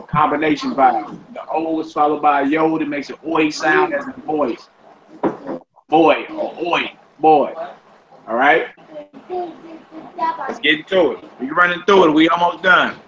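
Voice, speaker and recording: A man teaching a Hebrew lesson, reading from a primer and breaking off into casual, plain-spoken explanations while patiently coaching pronunciation. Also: fairly high pitch. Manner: casual, plain-spoken asides between read passages. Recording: dull lo-fi audio with steady background noise.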